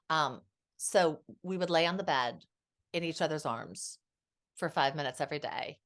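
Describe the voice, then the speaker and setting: A woman's voice: deep voice, expressive, normal speed. A woman in her fifties, a marriage and family therapist, speaking as a podcast guest in a heartfelt, reflective way. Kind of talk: candid podcast interview.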